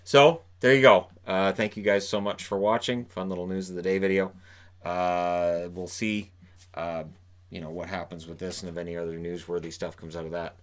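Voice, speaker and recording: A man with a fairly low voice delivers his daily hockey news in a casual, unscripted way. He rambles and restarts his sentences as he goes. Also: normal speed. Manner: animated, rambling with repeated restarts. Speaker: hockey commentator.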